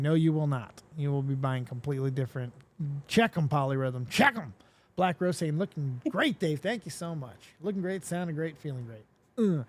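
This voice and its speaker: A man hosting a live stream, chatting casually, reading viewer comments aloud and swearing freely in an animated way. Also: fairly high pitch. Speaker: livestream host.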